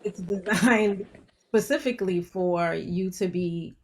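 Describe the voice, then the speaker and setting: A woman explaining her view in casual podcast chat, deliberate and explanatory. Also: lowish voice. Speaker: podcast co-host.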